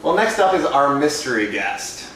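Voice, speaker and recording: A man's voice: medium pitch, big pitch swings, moderate pace, bright, forceful tone. A man co-hosting a podcast, telling casual, self-deprecating stories about his work as an entertainer. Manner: easygoing, self-deprecating anecdotes. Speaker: podcast co-host, balloon entertainer. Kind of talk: casual storytelling chat. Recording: very echoey room, distant mic, faint noise.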